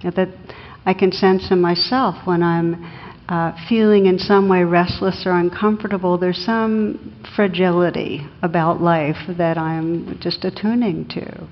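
Woman meditation teacher, lowish voice, thoughtful with light humor, long hall reverb. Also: fairly even intonation, unhurried, hardly any pauses, dull audio. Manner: reflective, with light humor and small hesitations. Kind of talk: meditation class talk.

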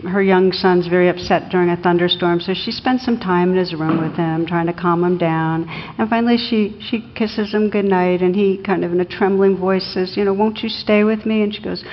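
A woman's voice: fairly low pitch, steady tone, normal speed, slight background noise. A woman meditation teacher giving a class talk, reflective, with light humor and small hesitations. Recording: lo-fi recording in a reverberant hall.

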